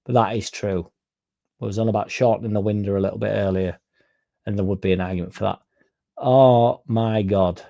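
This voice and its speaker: Reading viewer comments from live chat and answering them, a football fan channel host keeps his stream loose and casual, rambling and swearing freely. His voice is lowish and gravelly, dark and mellow, with fairly even intonation and a fairly quick pace. He mocks critics by adopting a raised, put-on voice.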